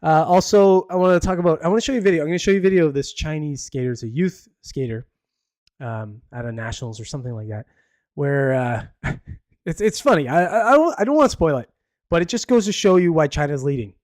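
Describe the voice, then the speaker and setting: A man's voice: fairly high pitch, expressive, quick pace, darkish tone, no room sound, clean studio sound. A man hosting a podcast alone, chatting casually about the news in a rambling way, full of fillers and restarts. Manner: opinionated and chatty. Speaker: podcast host. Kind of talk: casual solo news chat.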